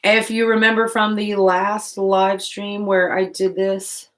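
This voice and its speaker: A woman hosting a casual livestream while painting, chatting loosely and joking at herself in quick asides. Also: medium pitch, level tone, fairly bright tone. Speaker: livestream host. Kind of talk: casual live-stream chat while painting.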